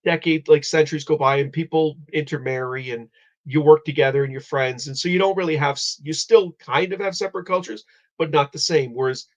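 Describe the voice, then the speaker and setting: A man's voice: fairly high pitch, brisk. A man hosting a live stream, explaining history in a rambling casual way with many restarts. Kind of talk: casual chat. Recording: dull lo-fi audio.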